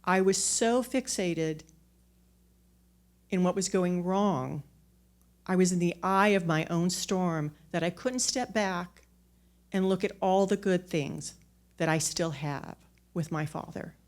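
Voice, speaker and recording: A woman's voice: lowish voice, slow, pauses often, darkish tone. A woman telling a personal story on a theater stage into a microphone, candid and self-mocking, often restarting her words.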